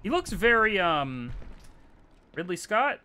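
Lively, bright-voiced male game streamer. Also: high voice, slow, a little hiss or hum. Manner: chatty, excitable, swears casually. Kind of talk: live gameplay commentary.

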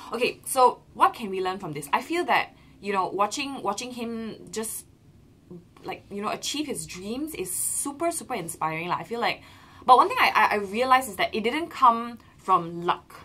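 A young woman with a Malaysian English accent, telling a story in a casual vlog from a small room, bubbly and animated. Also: a little high, normal speed. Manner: bubbly, animated, lots of "lah" and "okay". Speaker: vlogger.

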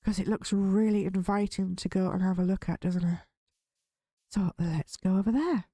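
A woman's voice: mid-range voice, normal speed, dark tone, no echo. Gaming host, female, easygoing let's-play patter, jumpy in scary moments, dry close sound. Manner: chatty, easily spooked, nervous laughs. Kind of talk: relaxed Minecraft let's play commentary.

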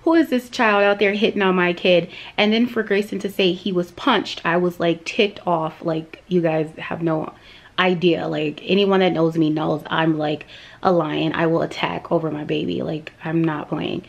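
A young woman, a stay-at-home mom, telling a story to her viewers in a casual, animated way, recovering from surgery. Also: lowish voice, moderate pace, creaky. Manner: animated, addresses viewers as "you guys".

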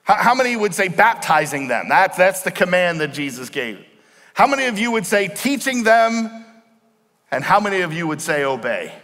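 A man preaching a sermon as pastor, explaining words slowly and asking the congregation questions. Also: sits high, very animated, pushed and bright. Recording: long hall reverb.

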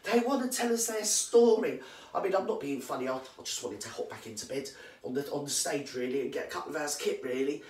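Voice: lively intonation, fast talker, a little mellow, close to an everyday voice. A performer playing an indignant old English granny with a British accent who gossips and swears in a rambling comedy monologue, recorded in a roomy space from a distant mic. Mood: ranting gossip. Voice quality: slangy, swears constantly and rambles. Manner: mock-outraged gossiping with big pitch swings.

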